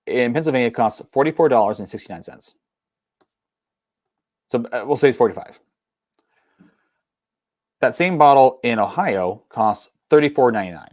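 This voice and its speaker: A man's voice: mid-range voice, darkish tone, dry recording, clean studio sound. A young man hosting a whiskey livestream, talking casually in a rambling way with many ums and restarts. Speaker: whiskey channel host.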